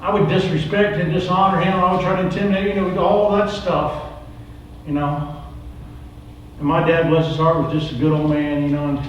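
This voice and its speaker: Brief: middle-aged male preacher, high voice, repetitive rhetorical style, distant mic in a very echoey room. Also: level tone, brisk, lo-fi sound, slight background noise. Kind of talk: recovery ministry sermon.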